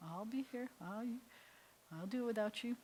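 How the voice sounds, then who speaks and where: A woman's voice: fairly high pitch, moderate pace, darkish tone, slight background noise. A woman rabbi giving a casual beginner language lesson, playful and chatty, with jokey explanations, and talking aloud to her computer as she works. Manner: talks aloud to her computer while working. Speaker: rabbi teaching Hebrew.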